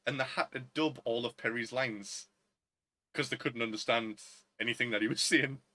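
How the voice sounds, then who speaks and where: A man's voice: medium pitch, fairly even intonation, moderate pace, sharp tone, no echo. A man, co-hosting a casual film chat podcast, joking and acting out scenes. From Northern England. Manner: jokey, laughs a lot, acts out film lines. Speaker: podcast co-host.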